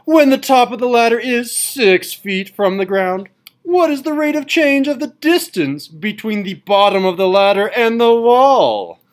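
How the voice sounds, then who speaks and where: Male teacher doing a booming radio announcer, slow, loud, drawn-out delivery, raised pitch. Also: sing-song, exaggerated voice. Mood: grandiose.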